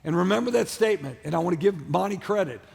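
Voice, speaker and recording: A male pastor delivers an emphatic sermon in a large church auditorium, his voice high and gravelly. He drives his points home through repetition and shouted peaks, and keeps calling on the congregation to answer him. The long reverb of the hall hangs behind every line. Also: expressive, fast. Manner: preaching with call-and-response to the congregation.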